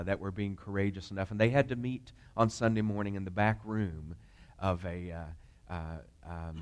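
Man, pastor, sermon storytelling, lowish pitch, conversational, lots of fillers, asks congregation questions.

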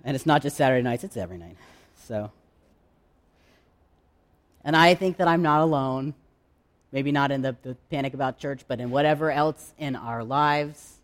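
A man preaching a sermon in a candid, conversational way, with dramatic pauses. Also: mid-range voice. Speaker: pastor.

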